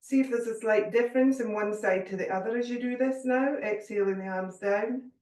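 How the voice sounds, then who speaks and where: A woman guiding a yoga class, giving calm, gentle cues with a little humour. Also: on the high side, a little fast, far from the mic. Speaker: yoga teacher. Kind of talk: guided yoga class instruction. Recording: echoey room, voice from off mic.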